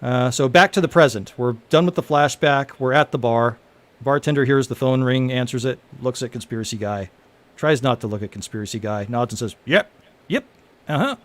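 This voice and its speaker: Man haltingly reading his own script. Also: medium pitch, fairly even intonation. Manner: halting, laughing, many fillers. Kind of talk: casual script reading to friends.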